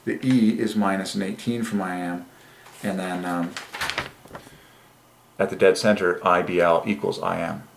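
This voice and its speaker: A man hosting a religious numerology channel, speaking in an excited monologue that swings between rapturous bursts and quiet musing. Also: sits low, normal speed, gravelly, long pauses, echoey room, slight background noise.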